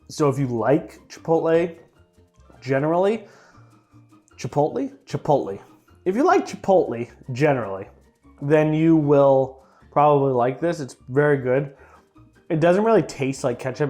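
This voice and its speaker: A young food reviewer casually tastes sauces in a vlog, chatting and joking in a slightly high, slightly mellow voice. He trails off into fillers and playfully repeats and mispronounces words.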